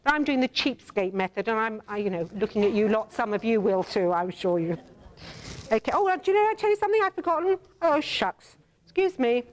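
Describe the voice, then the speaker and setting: A woman's voice: a little high, sing-song, a little fast. An older English woman hosting a cooking demonstration, chatting theatrically and teasing her viewers as darling. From England. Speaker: cooking show host.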